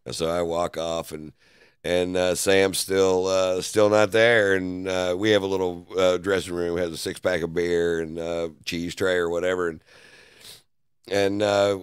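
A man's voice: deep voice, flat delivery, measured pace, clean tone, dry recording, clean studio sound. A man, a comedian, telling a loose, profane story in a casual interview. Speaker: comedian guest. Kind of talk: storytelling anecdote.

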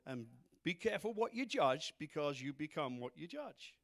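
A man preaching a sermon, acting out scripture figures with humor and animated emphasis. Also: on the high side, normal speed. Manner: animated, acts out Bible characters, laughs at own jokes. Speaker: pastor.

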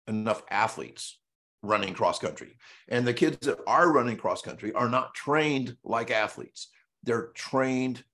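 A man's voice: medium pitch, a bit bright. A male coach giving a presentation in a blunt, emphatic way, hammering points home with repetition and an occasional mild curse. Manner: casual and salty, with mild swearing.

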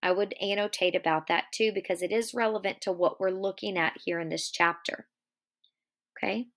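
A woman's voice: mid-range voice, steady tone, normal speed. A woman teacher guiding a class reading who stops often to pose questions to her students. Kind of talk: guided reading lesson.

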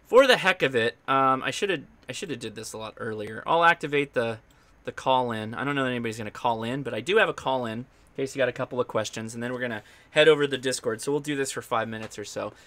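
Bright upbeat man hosting a ham radio show. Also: medium pitch, fast. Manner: chatty and upbeat, with loose restarts. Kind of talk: live-stream tech explainer. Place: home radio station.

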